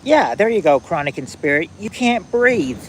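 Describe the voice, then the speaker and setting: A man hosting a casual trivia game on a livestream, reading viewers' answers aloud in a halting, repetitive way, outdoors at night on a phone. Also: sits high, big pitch swings, slight background noise, low-quality recording. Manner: halting and repetitive, restarting phrases, drawling out answers.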